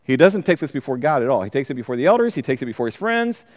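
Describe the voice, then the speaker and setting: A man's voice: medium pitch, very animated, very fast. A man teaching a verse-by-verse Bible study, reading scripture aloud and commenting on it. He often stumbles and repeats words. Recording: long hall reverb.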